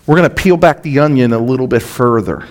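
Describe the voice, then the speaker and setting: A man's voice: medium pitch, brisk. A man preaching an expository sermon as a pastor, earnest and emphatic, with rhetorical asides to the congregation.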